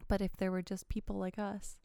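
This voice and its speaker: A woman in relaxed, casual conversation who agrees easily and builds on ideas. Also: medium pitch, a little fast, gravelly, clean tone, no room sound, clean studio sound. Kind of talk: casual chat.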